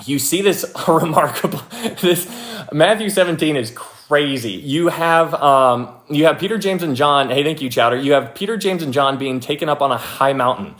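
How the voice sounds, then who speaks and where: A young man with a slightly high voice leads a casual livestream Bible study. He talks in a loose, chatty way with restarts, thanks viewers by name as they comment, and jumps into excited character voices when he acts out a story. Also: moderate pace. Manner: chatty, animated, acts out quoted people in a higher excited voice.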